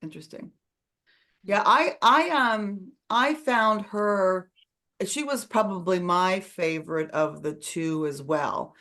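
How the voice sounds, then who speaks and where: A woman's voice: medium pitch, takes it slowly, bright, forceful tone. A woman hosting an online book club discussion over a video call, chatty and full of fillers.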